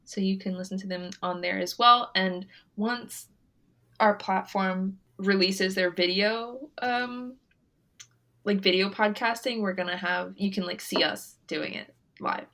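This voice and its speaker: A woman's voice: mid-range voice, unhurried, sharp tone. Young woman podcast cohost, laughs a lot, loose casual chat. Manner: giggly, chatty, frequent laughter. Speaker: podcast co-host.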